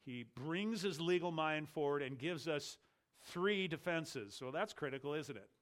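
A man preaching an explanatory sermon, stressing key words and slowing down for emphasis. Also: a little high, expressive, a bit bright.

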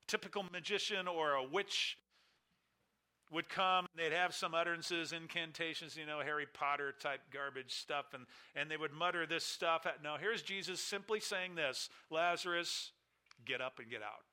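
Male preacher, bright and edgy tone, slightly high, emphatic delivery with big dynamic swings. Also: fairly even intonation, moderate pace, smooth. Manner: emphatic preaching with wide swings in pitch and volume. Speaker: pastor. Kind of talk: sermon.

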